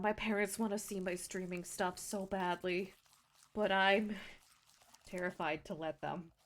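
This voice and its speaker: A woman's voice: mid-range voice, sharp tone. A young woman streamer chatting casually, self-deprecating and swearing freely.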